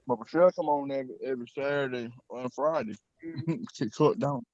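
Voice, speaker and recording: A man chatting on a live-stream podcast at an average pitch, joking around and swearing freely. His voice sounds dry and slightly dull, with no room echo. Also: fairly quick, a little mellow. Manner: joking, profane banter. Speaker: podcast co-host. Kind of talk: casual live-stream chat.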